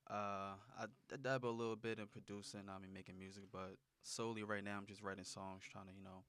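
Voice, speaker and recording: A man's voice: fairly low pitch, flat delivery, fast, a bit bright, smooth. A young man from New Jersey, a guest musician on a podcast, talking in a laid-back, slangy way. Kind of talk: casual podcast chat.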